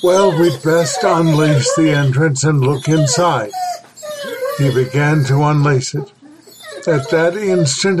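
Slow, deliberate man reading a horror tale. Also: a little high, noisy background. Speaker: podcast host and story reader. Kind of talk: scripted horror narration.

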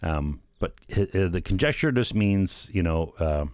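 A man's voice: deep voice, expressive, unhurried, darkish tone, no echo, studio quality. A middle-aged man giving a casual, rambling commentary on a book, wry and full of fillers, often tagging "right?" and chuckling. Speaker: solo commentator.

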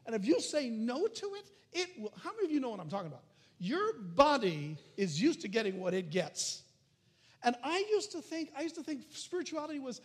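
A man preaching a sermon, animated, swinging from loud calls to hushed near-whispers. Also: very high-pitched, a little fast, slightly rough. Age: adult. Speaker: pastor.

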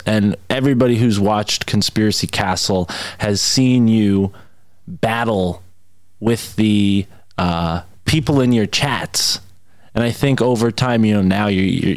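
A man's voice: on the low side, no room sound. A man hosting a podcast, chatting in an easygoing, rambling way. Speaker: podcast host. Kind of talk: casual podcast chat.

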